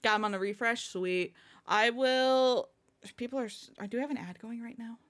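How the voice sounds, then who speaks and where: A woman's voice: a little high, moderate pace, a bit bright. A woman streamer chatting casually to her viewers, bubbly and rambling, often breaking into giggles. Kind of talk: casual live-stream chat.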